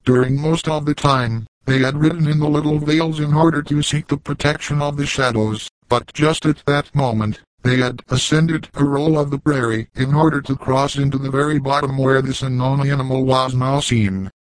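A man narrating a classic novel as an audiobook in a measured, even way, close to the mic. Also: mid-range voice, no echo, low-quality recording. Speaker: audiobook reader.

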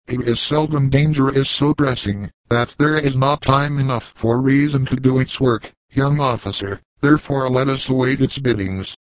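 A man voicing a calm, commanding old frontier trapper who speaks slowly and gravely. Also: mid-range voice, no room sound, lightly acted, low-quality recording. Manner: slow, deliberate and grave.

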